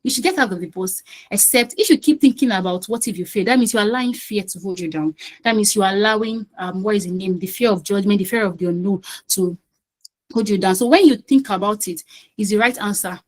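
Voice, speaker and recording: A woman's voice: mid-range voice, fast, rough recording. A woman running a quiz over a video call. She talks in a chatty, coaxing way and often repeats phrases. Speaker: quiz host and session facilitator. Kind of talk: casual online quiz session.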